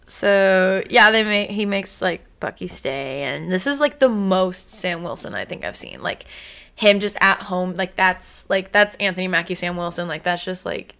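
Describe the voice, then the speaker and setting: A woman's voice: fairly low pitch, expressive, normal speed, vocal fry, fairly bright tone, clear, resonant tone. A woman chatting casually about a TV episode, gushing and giggling, with lots of fillers. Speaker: episode reviewer. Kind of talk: casual chat.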